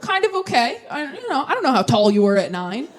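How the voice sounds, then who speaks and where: A young woman performing stand-up comedy on stage, animated and self-mocking, with quick asides and crowd work. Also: sits high. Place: live theater stage with audience. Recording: live show, audience laughter and room noise.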